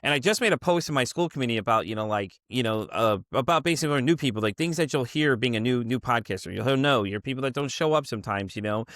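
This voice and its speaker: A man's voice: mid-range voice, expressive, fast talker, few pauses, fairly bright tone, no room sound, studio quality. A man from the Chicago area hosting a podcast, chatting in a casual, rambling way with lots of "you know" fillers. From Chicago area, USA. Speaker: podcast host. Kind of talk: casual conversational interview.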